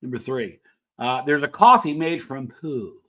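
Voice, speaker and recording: A man's voice: medium pitch, a little slow, sharp tone. A man hosting a casual countdown show, reading facts with playful asides and questions to viewers. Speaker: channel host.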